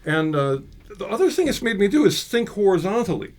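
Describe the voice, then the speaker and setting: A man, a guest guitarist, chatting casually in an interview and explaining things playfully with a lively voice. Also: a little fast. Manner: playful, imitates singers' high notes in his explanations. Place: music store studio. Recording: guitar playing behind the voice. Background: guitar playing.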